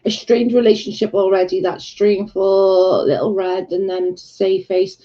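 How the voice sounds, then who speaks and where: A woman's voice: medium pitch, steady tone, measured pace, dark tone. A woman chatting casually on a livestream, answering viewer comments in a blunt, candid, sweary way. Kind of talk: casual chat. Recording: dull lo-fi recording.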